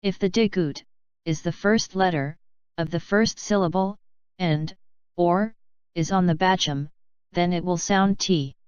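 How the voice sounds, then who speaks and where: A woman teaching a lesson in a very slow, deliberate way, explaining one rule at a time in a lowish, very clear voice. The sound is dry and close, but a bit dull and lo-fi. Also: a little mellow, no room sound. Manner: slow, deliberate, spelling out rules. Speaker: language teacher. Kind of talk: step-by-step lesson narration.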